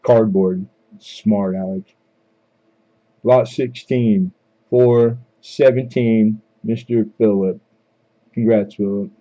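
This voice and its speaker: A man runs a live coin auction, calling for bids and joking around with viewers between lots. His voice is very dark and mellow, and the sound is a bit dull and lo-fi, like a home stream mic. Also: fairly low pitch, steady tone, takes it slowly, long pauses.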